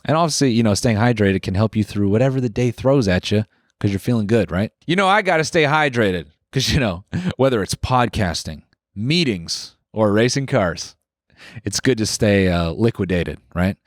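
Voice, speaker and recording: A man's voice: fairly low pitch, animated, moderate pace, no room sound, clean studio sound. Man casually reading a podcast ad. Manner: loose, filler-heavy ad read. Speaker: podcast co-host. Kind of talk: casual chat and host-read ad.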